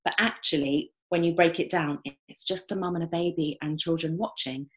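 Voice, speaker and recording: British woman, lower pitch, therapist type, thoughtful and hesitant with fillers; interview guest. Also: steady tone, a little fast, husky. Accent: British English. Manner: thoughtful, warm, with fillers and restarts. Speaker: psychotherapist and group leader. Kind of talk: reflective interview answers.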